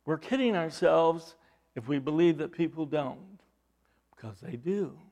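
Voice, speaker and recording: Male pastor, sermon, slow delivery, fairly high voice, rhetorical questions, loud then hushed. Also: expressive. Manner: repeats words and restarts, rhetorical questions.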